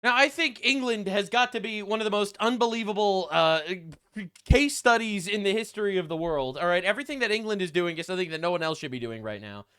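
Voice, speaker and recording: A young man talks in a high, animated voice that swings widely up and down. He hosts a reaction video and delivers crude, sarcastic jokes. His tone stays mocking throughout. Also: fast, clear, resonant tone. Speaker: commentary host. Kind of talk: reaction commentary.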